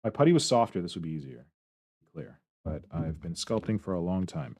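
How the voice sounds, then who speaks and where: A man's voice: low voice, sing-song, brisk, darkish tone, no room sound. A man streaming his hobby sculpting, talking to himself in short, casual remarks as he works. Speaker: miniature terrain sculptor streaming his work. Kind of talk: casual running commentary while working.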